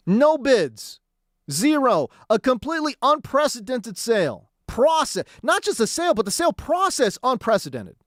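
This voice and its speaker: A man's voice: very high voice, no echo, studio quality. A man hosting sports talk radio, ranting in a heated, exasperated way and hammering his points with repetition.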